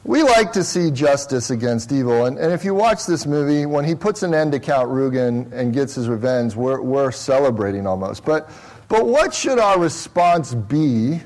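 A man's voice: fairly high pitch, a little mellow. A man preaching a sermon in a small church, talking casually and conversationally with many repeated restarts. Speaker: pastor.

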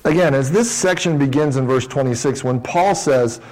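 A man's voice: mid-range voice, normal speed, darkish tone, low-quality recording. A male pastor giving a sermon in a conversational tone, often restarting his phrases. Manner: conversational preaching with frequent restarts.

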